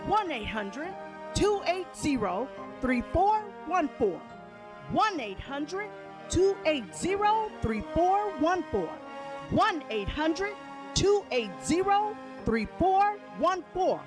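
High, lively woman pitching a product. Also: takes it slowly, over music. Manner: emphatic, insistent, repeats phone number. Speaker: radio ad host. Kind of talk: direct-response radio ad.

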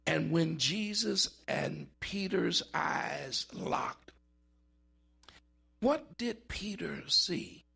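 A man preaching a sermon in a dramatic style, with big swings in pitch and drawn-out words for emphasis. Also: animated, creaky, bright, forceful tone, slightly rough.

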